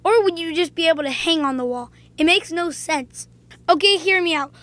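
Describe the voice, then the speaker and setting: A woman talking casually in a vlog, telling playful stories with frequent pauses and "um"s. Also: extremely high pitch, fairly bright tone, dry recording. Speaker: video creator.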